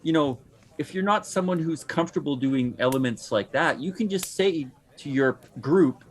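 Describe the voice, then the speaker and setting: Fast-talking man explaining eagerly. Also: on the high side, lively intonation. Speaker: player. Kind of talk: casual discussion.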